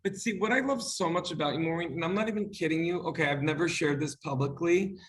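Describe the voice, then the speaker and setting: Gushing male interviewer, higher voice. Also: fast talker, poor audio. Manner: effusive, emotional, gushing praise. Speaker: interview host. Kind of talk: casual interview chat.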